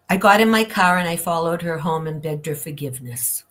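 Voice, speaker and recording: An older woman, a guest on an interview show, telling a personal story frankly and acting out the people she quotes. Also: sits low. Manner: candid, lively storytelling with acted-out quotes.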